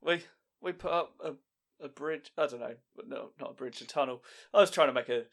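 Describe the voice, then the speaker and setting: Podcast host guy, relaxed chatty, kinda rambles, mid pitch. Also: brisk, vocal fry. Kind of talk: casual podcast chat.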